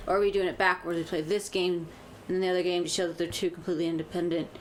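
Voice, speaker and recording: A woman's voice: on the low side, level tone, a little hiss or hum. A woman casually chatting and joking while playing a video game with her co-host. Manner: chatty, quick asides, laughs. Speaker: co-host of a gaming channel. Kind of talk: casual let's-play chat.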